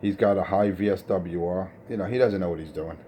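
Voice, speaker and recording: A man's voice: low voice, brisk, very noisy. A man rants scornfully over CB radio about another operator's gear. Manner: scornful, insulting, technical ranting. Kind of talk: profane CB radio banter.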